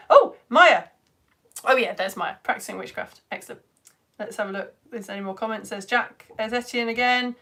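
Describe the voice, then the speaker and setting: A woman, hosting a live science stream and chatting excitedly with viewers, her voice a little tired. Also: fairly high pitch. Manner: animated, reads comments aloud, jumps between loud greetings and quiet asides. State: tired voice at end of term. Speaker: science show presenter.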